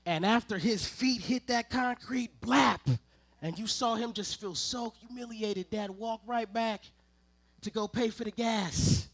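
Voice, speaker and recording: A man preaching to a congregation in a high, bright voice. He spins humorous family stories and turns often to his listeners with playful asides. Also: measured pace. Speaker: ministerial intern preaching. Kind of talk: sermon with personal storytelling. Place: church service before a congregation.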